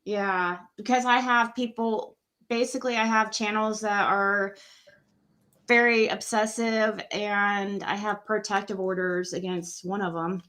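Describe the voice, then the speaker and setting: A woman's voice: mid-range voice, steady tone, a little slow, a bit bright. A woman hosting a casual late-night livestream chat, reading cards for a guest in a rambling way, with many fillers, over a video call.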